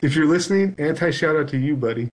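A man's voice: a little high, lively intonation, fast talker, very noisy. A man on a podcast telling a long story in casual chat, acting out both sides of it. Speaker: guest.

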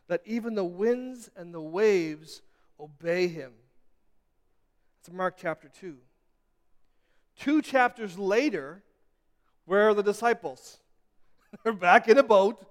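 A pastor preaches a sermon in a high-pitched voice with a big-room sound. He repeats himself, stammers through restarts, and builds to emphatic crescendos.

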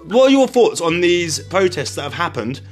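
A man's voice: high voice, sing-song, soft background music. A man hosting a casual podcast interview, rambling and joking, apologising as he goes. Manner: jokey, rambling, quick to apologise. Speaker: podcast host.

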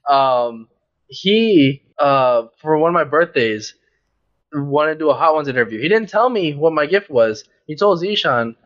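A young man with a slightly high voice tells a story in a loose, rambling way, stopping and restarting often. His voice sounds dull and lo-fi, like a cheap recording. He talks casually as a podcast co-host. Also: measured pace. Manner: rambling, animated retelling with many fillers. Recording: dull lo-fi audio.

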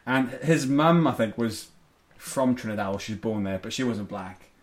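A man's voice: lowish voice, normal speed. A man hosting a podcast, chatting casually and rambling through his stories with frequent laughter and mild swearing. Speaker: podcast host. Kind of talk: casual chat.

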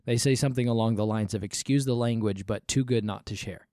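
A man's voice: fairly low pitch, brisk, a little mellow, no echo, clean studio sound. A man hosting a Christian podcast, talking emphatically and with exasperation, repeating himself for emphasis. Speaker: podcast host. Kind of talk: conversational Christian podcast commentary.

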